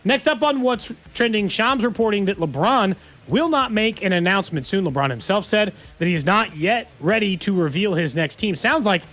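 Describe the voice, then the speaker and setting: A man's voice: high voice, expressive, normal speed, a bit bright. A man hosting a sports radio show, running through trending headlines in a jokey, casual way.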